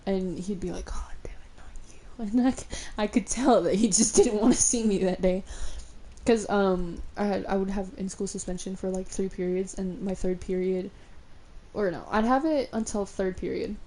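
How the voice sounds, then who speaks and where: A woman's voice: medium pitch, steady tone, normal speed, mellow, a little hiss or hum. A young woman streamer telling stories casually, rambling with lots of fillers, swearing freely and laughing often. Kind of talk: casual storytelling while gaming.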